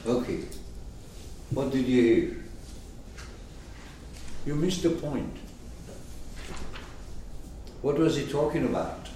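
Slow, emphatic man teaching a class. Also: medium pitch, dark tone, slight background noise. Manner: slow, emphatic, questions his listeners. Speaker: teacher explaining a poem. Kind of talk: informal classroom explanation. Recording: echoey room, mic far off.

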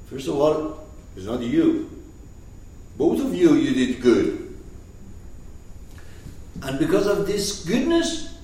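A man's voice: mid-range voice, mellow. A man teaching a class on a poetic text, speaking emphatically and asking his students questions. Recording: echoey room, distant mic, faint noise.

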